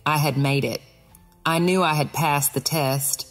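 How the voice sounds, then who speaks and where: A woman narrating a Christian allegorical audiobook in the first person, earnest and expressive. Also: deep voice, a little slow, breathy edge, soft background music.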